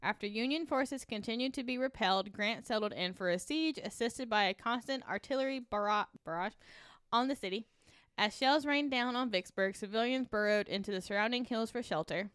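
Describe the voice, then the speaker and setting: Bright-voiced woman podcast co-host. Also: a little high, fairly quick, clean tone, dry recording, studio quality. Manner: laughs often, lively reading. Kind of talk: reading ad copy and history, casual chat.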